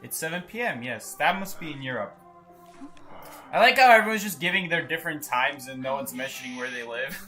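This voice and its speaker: Young male game streamer, chatty and jokey, animated and bright. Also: on the high side, brisk, faint music behind. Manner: chatty and joking, reads chat aloud. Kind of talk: casual gaming stream commentary.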